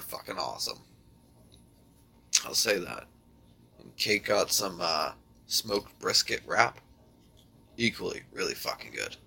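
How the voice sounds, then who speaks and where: Gravelly man telling jokes casually. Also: fairly low pitch. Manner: animated joke-telling, swearing, laughing.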